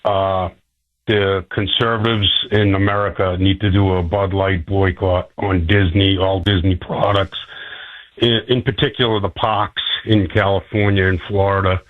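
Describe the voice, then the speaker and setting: A male caller with a low voice comes through a tinny, narrow phone line. He speaks earnestly and emphatically, pausing on fillers as he makes his case. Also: flat delivery. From North Shore area.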